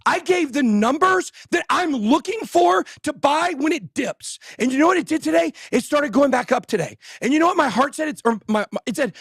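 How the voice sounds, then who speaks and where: A man hosting a show, shouting angry, fired-up insults in a breathless rant. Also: very high voice, lively intonation, fairly quick, hardly any pauses, no echo, studio quality. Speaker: host. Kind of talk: ranting livestream talk.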